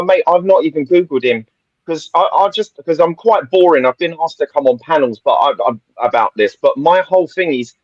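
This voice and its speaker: A man's voice: a little high, no echo, highs cut off. A man giving blunt opinions in a casual football podcast chat, laughing often. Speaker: podcast panelist.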